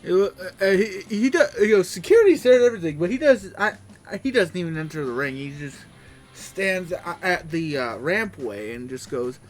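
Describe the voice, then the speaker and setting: High-voiced man recapping wrestling casually. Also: sing-song, moderate pace, soft background music. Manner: rambling, full of fillers and restarts.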